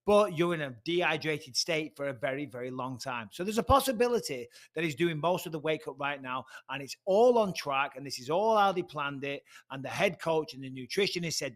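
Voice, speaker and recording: Male pundit, playful analysis, bright edgy tone, somewhat high. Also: fairly quick, few pauses. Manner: animated, playful, acts out other people. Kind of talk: casual studio analysis.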